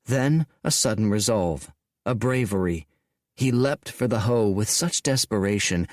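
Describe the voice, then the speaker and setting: Brief: measured male audiobook reader, deliberate pacing, dry studio sound. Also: on the low side, dry recording. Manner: slow, deliberate, expressive reading. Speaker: audiobook narrator. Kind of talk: scripted audiobook narration.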